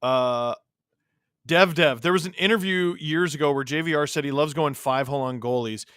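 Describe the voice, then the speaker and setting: A male host watching a hockey game live, calling the plays, reacting loudly and reading out chat messages. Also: on the high side, normal speed, clean tone, no echo, studio quality. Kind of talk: live watch-along commentary and chat replies.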